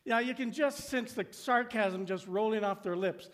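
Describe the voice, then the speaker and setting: Delivering a sermon, a light-voiced, high-pitched preacher lets important lines land by easing his pace and sinking nearly to a whisper. To act out people's grumbling, his voice climbs sharply into a whine.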